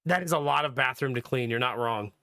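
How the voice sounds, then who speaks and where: Despite having a cold, this man chats with his stream audience, telling a story with lots of laughter and acting out what people said. His voice is mid-range with a sharp tone and a slightly fast pace, captured in clean studio sound with no room sound.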